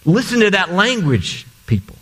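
A man's voice: high voice, big pitch swings, normal speed, a bit bright. A man preaching a sermon as pastor, earnest and repeating phrases for emphasis.

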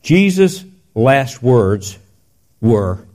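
An older man delivers a sermon with a storyteller's pace, his mid-range voice often falling to a hushed, intense murmur. He speaks from a church pulpit. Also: sing-song, slow. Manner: storytelling, dropping to soft intense lows. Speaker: pastor.

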